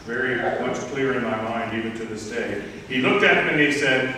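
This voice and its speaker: A man's voice: mid-range voice, fairly quick, bright, forceful tone, a little hiss or hum. A man from Southern Maryland preaching a sermon, telling a personal story in a wry, reflective way. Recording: echoey hall, picked up from far off.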